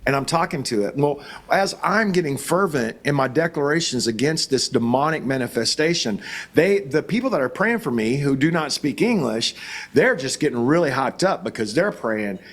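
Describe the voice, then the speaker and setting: A man's voice: medium pitch, expressive, normal speed. A middle-aged man, a pastor, telling a story in conversation with fervent, emphatic declarations.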